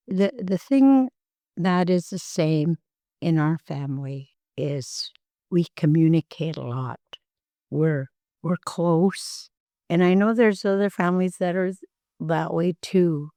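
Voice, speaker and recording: An older woman from Alaska, an elder telling family stories in an interview, slow and gentle, acting out the dialogue. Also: deep voice, no echo, studio quality. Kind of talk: storytelling in an interview.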